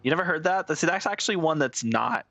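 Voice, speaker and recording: A man streaming a game live, chatting casually and excitably with his viewers and swearing freely. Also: a little high, fast, vocal fry, no echo, faint music behind. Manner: profane, excitable, talks to chat.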